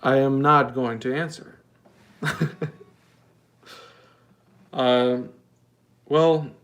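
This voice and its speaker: Slow, deadpan comedic man. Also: medium pitch. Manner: deadpan, mock-earnest comedic rambling. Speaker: livestream host. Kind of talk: casual livestream chat.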